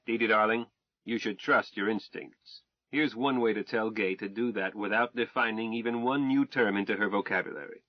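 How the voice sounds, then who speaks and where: A man's voice: lowish voice, moderate pace, dry recording, lightly acted. A man voicing a confident husband in an audiobook, wry and coaching in a teasing way, on a dull, dry recording.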